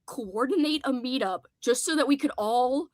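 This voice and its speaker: A young woman with a high, bright-pitched voice hosts a laid-back livestream, chatting and giggling as she reacts to her viewers. The sound is close and dry, with no room around her. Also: lively intonation, normal speed, dry recording. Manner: giggly, chatty, reads chat aloud. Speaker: livestream host. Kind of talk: casual livestream chat.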